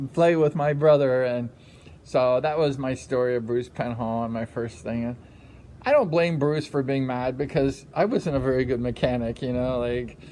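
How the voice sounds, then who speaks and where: A middle-aged man casually telling a story, rambling with many fillers and acting out quotes with sudden high exclamations. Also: a little mellow, slight background noise. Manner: rambling, frequent "you know, like" fillers. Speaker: livestream host telling a racing story.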